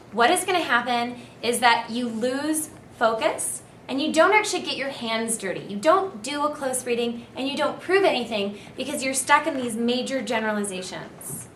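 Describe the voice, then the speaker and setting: A woman's voice: high voice, lively intonation, moderate pace, a bit bright. Woman lecturing in an echoey room. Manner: clear, instructive, emphatic. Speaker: university English lecturer. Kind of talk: recorded seminar lecture. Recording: echoey room, faint noise.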